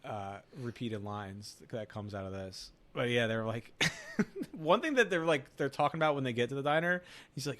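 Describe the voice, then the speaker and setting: A man's voice: medium pitch, big pitch swings, moderate pace, fairly bright tone. A man co-hosting a casual movie podcast, retelling scenes and acting out the quotes with frequent laughter. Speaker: podcast co-host.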